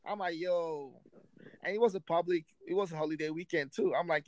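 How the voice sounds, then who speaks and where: A man hosting a podcast, telling a story casually in streetwise slang, animated, raising his voice for quoted friends. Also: on the high side, moderate pace, dry recording, rough recording. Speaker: podcast host.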